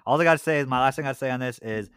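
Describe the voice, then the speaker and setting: A man with a mid-pitched voice talks fast in casual podcast banter. He rambles, fills the gaps with "like" and slips into mocking impressions. The sound is dry and close, with no room around it. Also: fairly bright tone, clear, resonant tone, dry recording. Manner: rambling, full of "like", mocking imitations. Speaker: podcast co-host.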